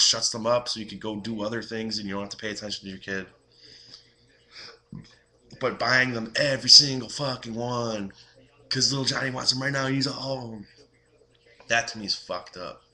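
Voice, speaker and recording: A man's voice: fairly low pitch, pushed and bright. A young adult man ranting on his video blog, exasperated and profane, mocking others in quoted voices. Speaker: vlogger.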